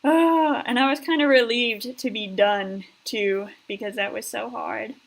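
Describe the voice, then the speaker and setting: A woman's voice: on the high side, measured pace, gravelly, low-quality recording. An American woman hosting a live stream, chatting in a heartfelt way with lots of fillers, thanking viewers and reading the chat aloud. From United States.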